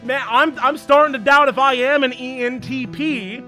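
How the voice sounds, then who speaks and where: A young man streaming a video game, excitable and ranting, swearing freely and often shouting at the story. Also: very high-pitched, moderate pace, faint music behind. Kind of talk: let's play commentary.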